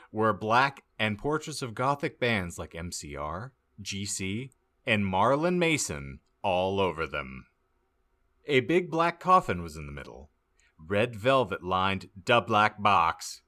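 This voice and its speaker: A man reading a badly written story aloud as a comic audiobook, deadpan and stumbling over misspelled words. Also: lowish voice, slow. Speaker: podcast host reading aloud.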